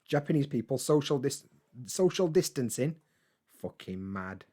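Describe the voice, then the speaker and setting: A man chatting casually on a live stream, reading and answering chat comments in a relaxed, swearing, laughing way. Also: mid-range voice, a little slow. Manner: laid-back, chatty, swears freely, laughs often.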